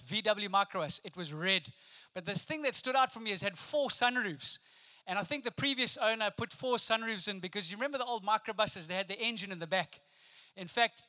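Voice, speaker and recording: Bright-voiced South African pastor. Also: male voice, high-pitched. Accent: South African English. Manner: storytelling, humorous, playful asides to the congregation. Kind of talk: sermon.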